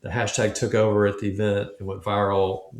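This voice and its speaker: A man with a low, gravelly voice tells a story casually as a podcast guest, slipping into the voices of the people he quotes. He is recorded in a room with a noticeable echo. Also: fairly quick. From Memphis, United States. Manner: animated storyteller acting out quoted dialogue. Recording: echoey room.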